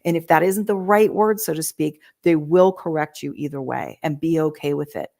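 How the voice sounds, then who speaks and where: A woman talking through communication skills on a podcast, teaching in a lively way and acting out quoted lines. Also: low voice, normal speed, creaky. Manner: animated teaching, acts out quoted voices. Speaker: real estate agent. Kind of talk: podcast conversation, coaching.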